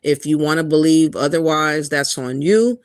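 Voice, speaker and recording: A man's voice: fairly high pitch, moderate pace, smooth, no echo. A man hosting a livestream, reacting to a clip and reading chat in an indignant, ranting way. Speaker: commentary host. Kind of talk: livestream commentary.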